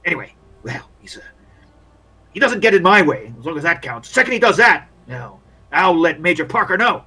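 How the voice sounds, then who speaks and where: A man's voice: fairly high pitch, sing-song, a little fast, bright, forceful tone, breathy edge, voice pushed up, exaggerated voice. A man voicing a weary, bitter male army officer at a field hospital, who grumbles and then bursts out in complaints. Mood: dismissive. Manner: bitter, complaining, with rising outbursts.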